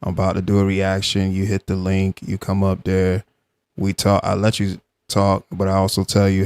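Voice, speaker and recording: A man hosting a live reaction stream, arguing with a guest and then calmly explaining his side to the chat. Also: deep voice, moderate pace, clean tone. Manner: argumentative, calm when explaining to chat.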